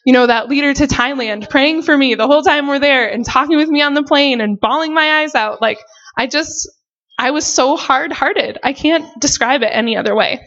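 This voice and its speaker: Earnest young woman, slightly high voice. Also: normal speed, fairly bright tone. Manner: earnest and emotional, many "like" and "you know" fillers. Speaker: missionary sharing her testimony. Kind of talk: personal faith testimony. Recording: dull lo-fi recording.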